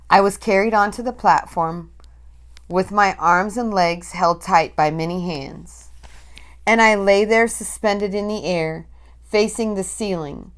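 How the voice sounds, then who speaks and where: Female reader, unhurried, dramatic children's story narration. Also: medium pitch. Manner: slow, dramatic, breathless storytelling. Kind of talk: storybook reading aloud.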